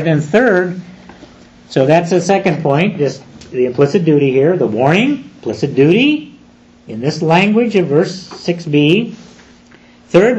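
A man preaching an expository sermon, deliberate and emphatic, slowing down on key phrases. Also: a little high, a little mellow, muffled recording.

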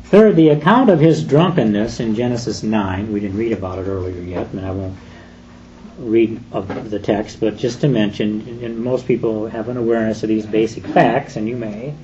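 A man preaching a sermon in a deliberate, emphatic way, leaning on slow, stressed phrases. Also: lowish voice, a little mellow, muffled recording, slight background noise. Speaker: pastor.

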